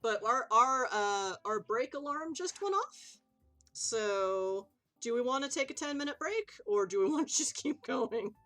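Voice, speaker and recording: A woman's voice: on the high side, expressive, measured pace, fairly bright tone, faint music behind. A woman running a tabletop game on a live stream, chatty and loose, swearing casually and laughing easily. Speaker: game master.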